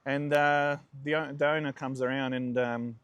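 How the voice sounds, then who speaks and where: A man's voice: mid-range voice, steady tone, normal speed, fairly bright tone, clean tone, dry recording, highs cut off. A man in his forties with an Australian accent, chatting casually as a food vlogger and rambling through anecdotes. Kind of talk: casual food vlog storytelling.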